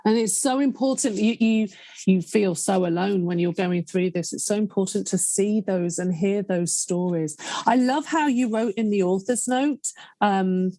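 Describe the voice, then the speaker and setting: A woman's voice: mid-range voice, moderate pace, dark tone, dry recording. A woman hosting a podcast interview, effusive and affectionate, openly emotional and close to tears. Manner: effusive and affectionate, calls guest darling and love. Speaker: podcast host. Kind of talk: casual interview chat.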